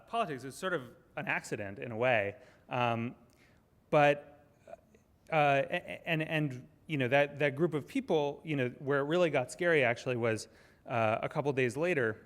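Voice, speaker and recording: A man giving a university lecture as a relaxed, rambling storyteller who trips over his own words and starts sentences again. His voice sits at an ordinary middle pitch. It rings out through a large hall with a long reverb. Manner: chatty, full of fillers and restarts. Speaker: guest lecturer.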